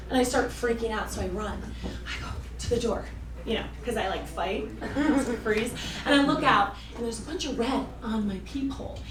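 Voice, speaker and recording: A high-pitched woman performs stand-up, animated and self-mocking, with bursts of loud yelling. She is heard from a little distance in a roomy club. A laughing audience fills the gaps. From suburban Detroit. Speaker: stand-up comedian. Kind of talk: stand-up set. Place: comedy club stage.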